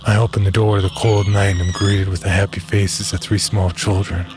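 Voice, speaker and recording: A man with a deep voice tells a horror story in the first person, keeping his delivery grim and measured. His tone stays low and flat. Music plays clearly beneath his narration.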